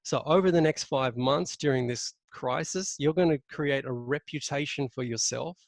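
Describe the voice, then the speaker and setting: A man presenting a leadership webinar in a coaching manner, stressing key words but often pausing with ums and restarts. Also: medium pitch, creaky, dry recording.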